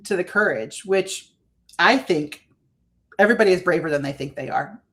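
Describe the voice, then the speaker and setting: A woman guesting as a spiritual life coach on a podcast, talking in a gentle, earnest, reflective way. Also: fairly low pitch, animated, moderate pace. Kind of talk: podcast conversation.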